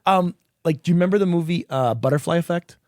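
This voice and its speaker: A podcast co-host with a slightly high voice chats casually and fast, swearing freely and animatedly acting out quoted reactions. The recording is dry and studio quality.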